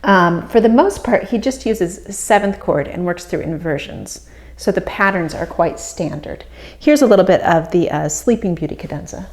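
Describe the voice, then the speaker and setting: A woman harp teacher calmly explaining practice techniques, with soft fillers between phrases. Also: lowish voice, normal speed. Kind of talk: instructional explanation. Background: harp playing.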